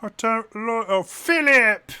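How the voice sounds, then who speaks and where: A man's voice: very high voice, lively intonation, slow pace, pushed and bright, smooth, pitched above the performer's own voice, exaggerated voice. A man voicing Philip, a silly male comic-relief adventurer with a goofy, chummy manner.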